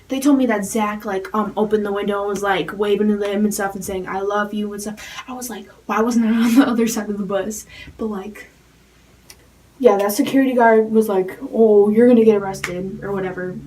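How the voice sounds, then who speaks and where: Teen girl vlogging, talks super fast n rambly, like like like, mic kinda far off. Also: medium pitch, a little mellow. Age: teens. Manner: rapid rambling with constant "like" fillers. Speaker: fan vlogger. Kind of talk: casual storytelling to camera.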